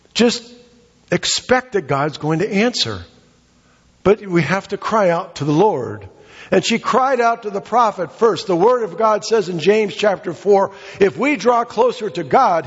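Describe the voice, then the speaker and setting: A middle-aged male pastor preaching a sermon, swinging between high, emphatic calls and low, quiet asides. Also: husky. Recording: dull sound with long hall reverb.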